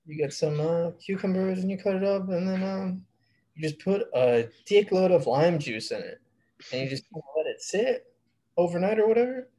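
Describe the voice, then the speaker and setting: Casual podcast co-host, husky male voice, rambling and slangy. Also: high voice, lively intonation, normal speed, dark tone. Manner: rambling, laid-back, slangy. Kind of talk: casual chat.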